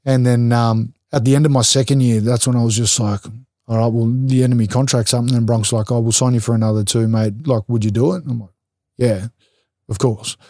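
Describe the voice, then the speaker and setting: A man's voice: mid-range voice, steady tone, fairly quick, darkish tone, no room sound, studio quality. A young Australian man, a rugby league player, telling stories bluntly in a casual interview, swearing freely and acting out what others said.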